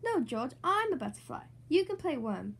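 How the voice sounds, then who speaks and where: A woman's voice: sits high, very animated, normal speed, gravelly, exaggerated voice. A woman voicing a cheerful, bossy little girl piglet in a storybook read-aloud.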